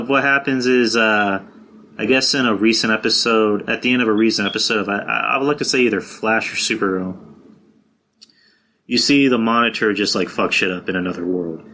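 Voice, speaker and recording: A man's voice: lowish voice, steady tone, moderate pace, bright, forceful tone, slight background noise. A young man hosting his own podcast alone, chatting casually and rambling with lots of fillers, restarts and swearing. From San Antonio, Texas. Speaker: podcast host. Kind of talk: casual solo podcast chat.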